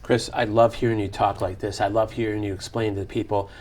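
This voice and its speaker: A man's voice: lowish voice, flat delivery, fairly quick, a little mellow. A man who is a fire chief hosting an interview, praising his guest and asking open questions.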